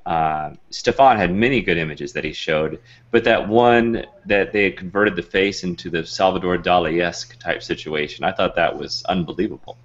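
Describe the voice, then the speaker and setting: Low-voiced man, rambling host chat. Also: normal speed, few pauses, muffled recording. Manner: rambling, chatty, many fillers. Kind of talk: casual video call chat.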